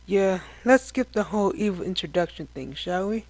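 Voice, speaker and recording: Brief: smug teenage space hero, read by a male storyteller, sarcastic and impatient, fairly high voice. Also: animated, moderate pace, no room sound. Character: cocky young male human space hero.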